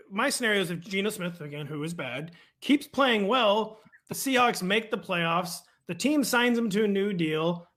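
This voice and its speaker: A man's voice: high-pitched, fairly bright tone. A man in his thirties co-hosting a casual, joking football chat, rambling with fillers. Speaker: fantasy football analyst co-host.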